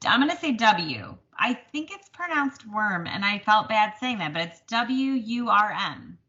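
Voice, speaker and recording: Woman, bright clear tone, chatty co-host, slightly dull lo-fi sound. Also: mid-range voice, sing-song, measured pace. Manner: chatty, self-deprecating, laughs often. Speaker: podcast co-host. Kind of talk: casual chat.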